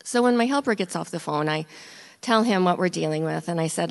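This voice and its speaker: A woman who is a nurse telling a true story aloud in a vivid, animated way, building tension. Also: on the low side, brisk, creaky. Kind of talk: live storytelling.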